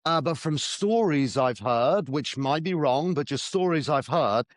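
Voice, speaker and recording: A man co-hosting a relaxed podcast, his voice sitting a bit high. He talks chattily and softens his views with hedges. The recording is dry and close. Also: measured pace, no room sound. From southern England. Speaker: podcast co-host. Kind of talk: casual chat.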